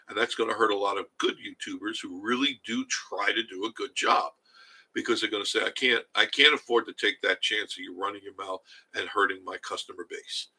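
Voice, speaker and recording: An older man hosting a casual live stream, reading viewer comments and chatting in a rambling way with a husky voice. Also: fairly low pitch, sharp tone, poor audio. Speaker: livestream host reading chat.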